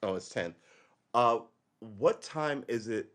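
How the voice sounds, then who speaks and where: A man's voice: mid-range voice, expressive, slow, a bit bright. A man hosts a loose live podcast and rants in a rambling, wry manner. He keeps wandering off on tangents and talks to his listeners as he goes. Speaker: podcast host. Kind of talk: casual live-stream rant.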